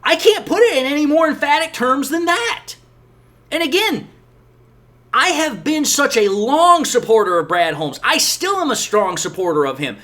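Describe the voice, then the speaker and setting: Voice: high-pitched, big pitch swings, moderate pace, a bit bright. A sports channel host giving emphatic, exasperated opinion commentary on football. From Detroit area, USA.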